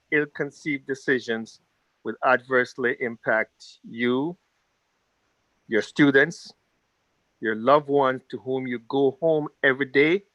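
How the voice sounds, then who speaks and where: A man's voice: medium pitch, bright, forceful tone, highs cut off. A man who leads a labor union, giving an earnest, rallying speech over a video call at an online town hall and repeating his key phrases.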